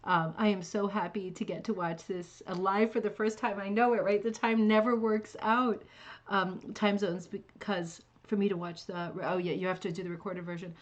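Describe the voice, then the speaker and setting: A woman hosts a craft club livestream from her couch at home. She chats warmly and casually, greeting viewers by name, and her sentences are full of fillers and restarts. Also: mid-range voice, steady tone, moderate pace, lo-fi sound. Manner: chatty and warm, with many fillers and restarts. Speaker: host of a rug hooking club livestream.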